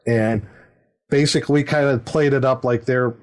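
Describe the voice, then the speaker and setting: A man's voice: medium pitch, steady tone, a little slow. Rambling middle-aged man telling a game story. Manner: rambling, with many fillers and chuckles. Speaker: podcast host and game master. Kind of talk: casual anecdote chat.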